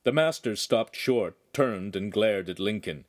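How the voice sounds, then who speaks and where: A man narrating a young adult novel in an expressive storytelling manner. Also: lowish voice, measured pace, few pauses. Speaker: audiobook narrator. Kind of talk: scripted narration.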